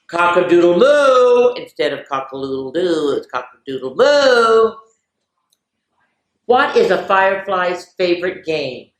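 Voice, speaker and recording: A woman hosting a children's story time, reading picture books and jokes aloud in an animated, sing-song storyteller voice. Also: deep voice. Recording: roomy echo.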